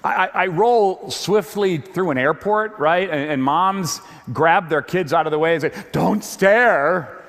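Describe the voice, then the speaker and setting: A man giving a lively stage talk to an audience, animated, often repeating words as he builds up steam. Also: a little high, normal speed, hardly any pauses, big-room sound. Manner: animated, repeats words when getting going.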